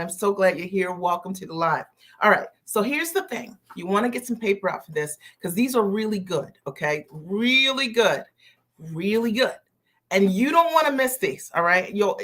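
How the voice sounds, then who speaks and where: A woman's voice: medium pitch, fairly bright tone. Enthusiastic woman coaching on a live stream. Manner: enthusiastic, greets viewers by name; repeats key phrases slowly for emphasis.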